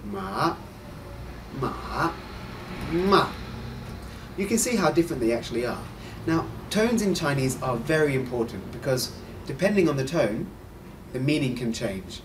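A man hosting a scripted Mandarin lesson, explaining clearly and encouraging the listener to repeat. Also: medium pitch, lively intonation, recorded from a distance, noisy background. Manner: clear, encouraging, models sounds slowly. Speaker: host and Mandarin teacher.

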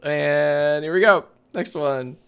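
A man's voice: fairly high pitch, takes it slowly, a bit bright, smooth. A man hosting a casual live stream, reading viewer comments aloud, swearing freely and often breaking into laughter. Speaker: livestream host.

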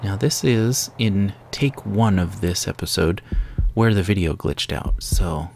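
A man casually commenting on a game he plays, explaining mechanics in a relaxed, self-correcting way into a sensitive desk mic. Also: low-pitched, measured pace, vocal fry, slight background noise. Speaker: let's play host. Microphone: sensitive desk microphone. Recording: game music under the voice.

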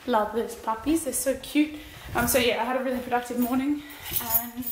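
A woman's voice: a little high, normal speed, background noise. Chatty woman, breathless. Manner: rambling, chatty, self-deprecating. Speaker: vlogger. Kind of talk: casual vlog chat. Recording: music playing behind.

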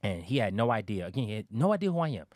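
A man telling a story as a guest on a talk show, speaking at a rapid clip. He is animated and acts out what other people said. His voice sounds dry and close, with no room around it. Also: on the low side, dry recording.

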